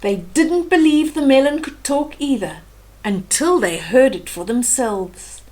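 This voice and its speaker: A woman's voice: high voice, expressive, measured pace, darkish tone. An older woman reading a children's bedtime story aloud as storyteller, with chatty asides about the pictures.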